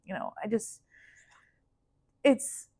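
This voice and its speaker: A young woman hosting a podcast, chatting casually and supportively, with quick murmured replies to her guest. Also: dark tone, no room sound. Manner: supportive listener, quick back-channel replies. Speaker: podcast host. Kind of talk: casual conversation.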